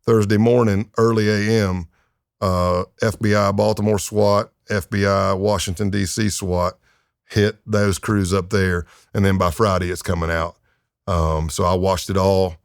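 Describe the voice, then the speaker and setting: With a lowish, gravelly yet smooth voice, this retired undercover agent in his fifties talks a little slowly on a podcast. The recording is dry and studio-clean, and his casual storytelling is animated, packed with fillers and acted-out voices of the people he quotes.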